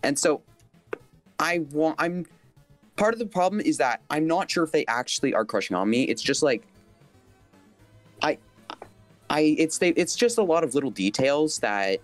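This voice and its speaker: A man's voice: on the high side, expressive, moderate pace, long pauses, dry recording, faint music behind. Nervous, hesitant male caller. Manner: nervous, hesitant, restarts sentences. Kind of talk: call-in conversation.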